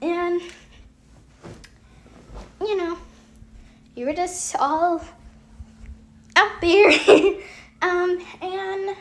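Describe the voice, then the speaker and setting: A young woman telling a rambling storytime, with lots of fillers and frequent laughs. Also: high-pitched. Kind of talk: casual storytime vlog.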